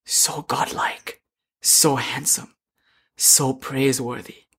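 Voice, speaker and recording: A man's voice: mid-range voice, flat delivery, takes it slowly, fairly bright tone, breathy edge, whispered, voice pushed down, exaggerated voice. A man voicing an indignant royal mother who orders a wedding called off, in a commanding, outraged manner. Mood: awestruck whisper.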